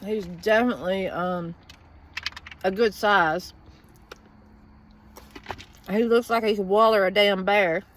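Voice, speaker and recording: A woman with a drawl vents in a loose, rambling monologue. She is blunt and profane, with a voice pitched in the middle range. She records from inside a parked vehicle. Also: fairly even intonation, slow, long pauses, slight background noise. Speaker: vlogger. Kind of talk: casual venting monologue.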